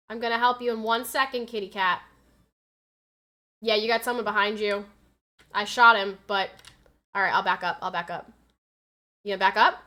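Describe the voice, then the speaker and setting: A woman's voice: medium pitch, steady tone, moderate pace, long pauses. An American young woman streaming a game, chatting casually, reading chat aloud and turning frantic when the action heats up. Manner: chatty, reads chat aloud, gets loud and frantic in fights. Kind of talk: casual live-stream chat while gaming.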